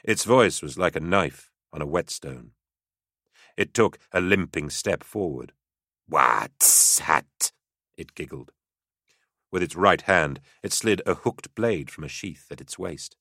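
A man narrating an audiobook in a steady, dramatic storytelling manner. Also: sits low, measured pace, no echo, clean studio sound.

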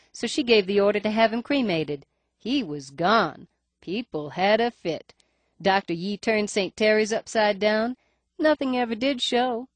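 A brusque, sly middle-aged records clerk, put on by a woman reading an audiobook, talking in a nasal, higher-pitched voice with the faintest lisp. She is blunt and emphatic, and the reading sounds dry and close. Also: no room sound, lightly acted. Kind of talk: audiobook character voice.

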